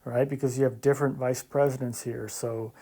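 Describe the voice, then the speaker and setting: A man's voice: medium pitch, little pitch movement, fairly quick, mellow, slightly rough. A man teaching a recorded math lecture, explaining step by step in a conversational way, with joking asides and frequent checks like "right?". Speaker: math instructor.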